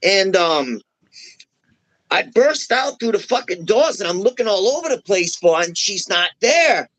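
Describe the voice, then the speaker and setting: A man's voice: high voice, measured pace, low-quality recording. A man on a podcast telling a long story in casual, profane talk, acting out the dialogue as he goes. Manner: profane, animated, acts out quoted dialogue. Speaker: wrestler guest.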